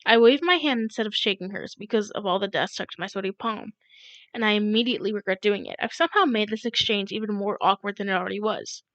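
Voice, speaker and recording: A woman's voice: mid-range voice, fast talker, no room sound. Woman reading a novel aloud, lo-fi. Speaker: audiobook reader.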